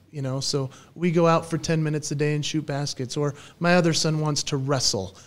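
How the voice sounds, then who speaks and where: An animated man in his forties tells lively stories as a podcast guest. His voice sits fairly high for a man, and he jumps into playful quoted voices as he talks. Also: moderate pace, few pauses. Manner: lively storyteller who acts out quoted voices. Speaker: guest, professional stage entertainer. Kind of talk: podcast interview.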